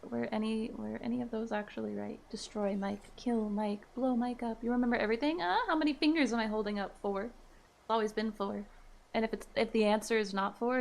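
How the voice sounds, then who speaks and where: A woman's voice: fairly high pitch, vocal fry. A woman in her thirties casually chatting with viewers on a live stream, laughing easily and reading their messages aloud. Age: 30s.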